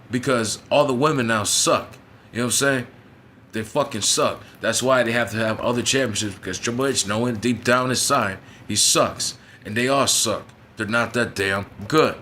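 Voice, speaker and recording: Bright-voiced man ranting profanely. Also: medium pitch, slight background noise. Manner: profane, frustrated, repeats "you know what I'm saying". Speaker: wrestling show reviewer. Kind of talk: casual rant review.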